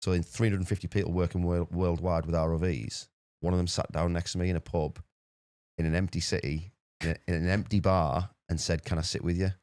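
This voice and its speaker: Fast-talking deep-voiced man. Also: no room sound. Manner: rapid, animated anecdote-telling with repeated words. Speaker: podcast guest. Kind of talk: casual storytelling.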